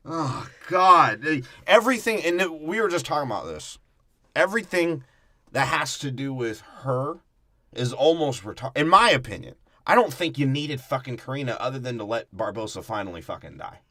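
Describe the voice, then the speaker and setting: A man's voice: medium pitch, lively intonation, normal speed, sharp tone, no echo, studio quality. A man co-hosting a podcast, breaking down a movie in a crude, profane and mocking way. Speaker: podcast co-host.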